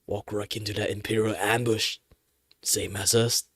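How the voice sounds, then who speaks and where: A man voicing a gruff, friendly young Nord soldier from a fantasy game, calling out loudly. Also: on the low side, flat delivery, normal speed, no room sound. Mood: hearty.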